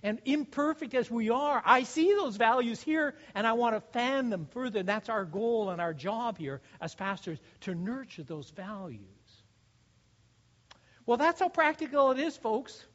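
This man's high voice, a bit bright, leaps around in pitch as he delivers an earnest, exhorting sermon at normal speed, animated throughout. He puts questions to the congregation and often restarts his sentences, and the audio sounds muffled and lo-fi.

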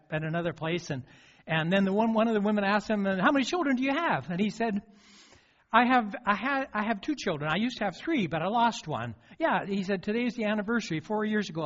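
A man's voice: high-pitched, a bit bright. A male pastor giving a sermon. He tells a story with frequent restarts and fillers. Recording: dull lo-fi recording.

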